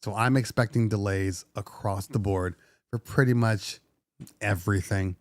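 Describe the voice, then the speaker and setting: A middle-aged man hosts a laid-back DJ podcast in casual livestream talk, venting with animation and slipping into sarcastic put-on voices. His voice sits fairly low and unhurried, and the recording has no echo.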